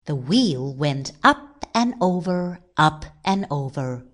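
A woman reading a children's picture book aloud in a slow, clear read-aloud delivery. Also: sits low, animated. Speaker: storybook reader.

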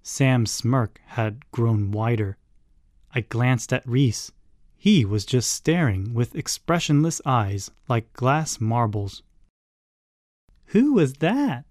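A man reading a children's story aloud, in a measured, expressive way. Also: mid-range voice, dry recording, clean studio sound. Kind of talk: scripted narration of a children's story.

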